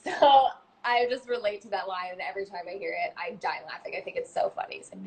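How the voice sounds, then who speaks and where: A woman's voice: medium pitch, expressive, fast, darkish tone, slight background noise. Giggly woman in casual chat. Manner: giggly, many ums and likes. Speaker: actress. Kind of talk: casual live-stream chat.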